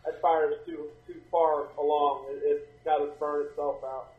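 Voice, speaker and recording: A man's voice: a little high, level tone, normal speed, far from the mic. A man playing a tabletop game, talking in a laid-back drawl, heard in a dull, echoey room recording. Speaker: player. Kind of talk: casual tabletop game talk.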